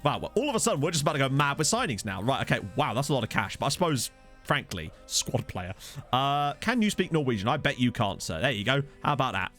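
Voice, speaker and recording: A man's voice: mid-range voice, sing-song, quick pace, fairly bright tone, soft background music. A man streaming a football management game, chatting casually and joking with his viewers over a desk microphone. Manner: chatty, jokey, answers viewers' chat. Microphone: desk USB condenser microphone.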